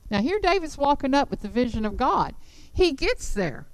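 A woman teaching the Bible to a group in an animated, emphatic storytelling manner. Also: sits high, measured pace, no room sound, rough recording.

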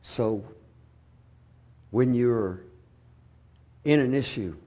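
Pastor, male, husky, unhurried sermon delivery with loud peaks and soft drops, dull lo-fi recording. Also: mid-range voice. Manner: swings from loud outbursts to hushed, slow phrasing.

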